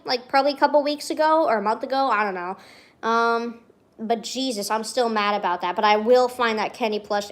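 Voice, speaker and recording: A young adult woman streamer with a mid-range voice chats casually while reading from her old journal. She rambles excitably and swears a lot.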